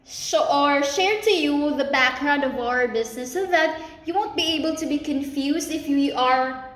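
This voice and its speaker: A young woman hosting a live-selling stream, bubbly and chatty, giving shout-outs and restarting her sentences. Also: high voice, unhurried. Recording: roomy echo.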